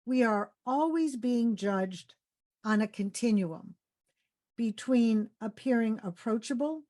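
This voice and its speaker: A woman's voice: fairly high pitch, lively intonation, slow pace, warm tone. A woman coaching interview skills in a workshop, upbeat and encouraging, asking participants questions and demonstrating voice tones.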